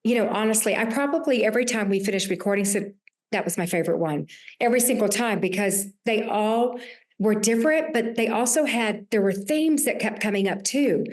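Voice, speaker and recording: A woman's voice: on the high side, moderate pace, darkish tone. A woman in her sixties with a Southern US accent, a podcast host talking earnestly about her year, with many restarts. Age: 60s. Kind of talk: reflective conversation.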